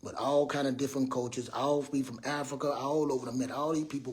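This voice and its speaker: A man in his fifties giving a rambling, preachy motivational talk as a mentor, loud and earnest. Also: medium pitch, steady tone, fast talker. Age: 50s. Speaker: mentor speaking to young people. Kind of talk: motivational monologue.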